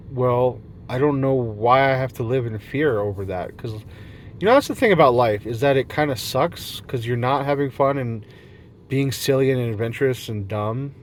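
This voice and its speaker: A man's voice: mid-range voice, slight background noise. A man rambling in a silly, free-flowing monologue, jumping between topics and laughing often, recorded outdoors in nature at night. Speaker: vlogger.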